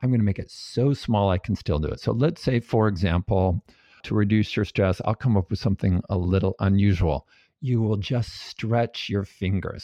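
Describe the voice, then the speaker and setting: A man being interviewed as a guest, calmly and patiently explaining ideas with everyday examples. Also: lowish voice, no room sound. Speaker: guest, habits researcher. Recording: dull, dry, lo-fi sound.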